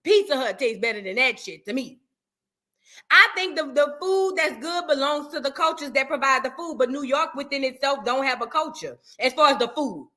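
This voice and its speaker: A woman from New Orleans with a New Orleans accent, hosting a reaction show in animated, chatty and profane talk with her viewers. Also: high voice, normal speed. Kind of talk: casual reaction chat.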